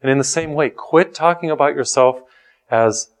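A man preaching a sermon in an earnest, lively way, lifting his voice on key lines. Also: a little high, normal speed. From Italian heritage.

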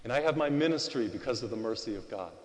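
A man giving a Gospel reading and homily as a priest, speaking directly to a congregation through a loud microphone and leaning on rising emphasis to tell his stories. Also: mid-range voice, expressive, fast. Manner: talks straight to the congregation and asks them to repeat phrases. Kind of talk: sermon. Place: large church before a congregation. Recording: long church reverb.

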